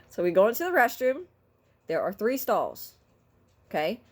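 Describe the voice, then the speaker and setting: A woman's voice: a little high, sing-song, measured pace. A middle-aged woman telling a story in a casual vlog, talking in an exasperated, vocal, ranting way. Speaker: vlogger.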